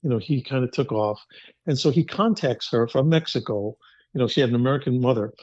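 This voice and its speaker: Older man telling lively stories. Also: mid-range voice, brisk, no echo. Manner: animated storyteller who acts out quotes and repeats words. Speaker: guest, actor. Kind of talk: casual interview storytelling. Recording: dry, slightly muffled podcast audio.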